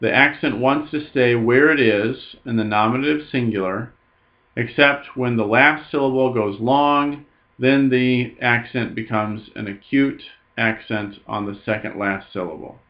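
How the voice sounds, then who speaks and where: A man teaching a Greek grammar lesson, explaining in an unhurried way with frequent "uh" fillers. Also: mid-range voice, dull audio.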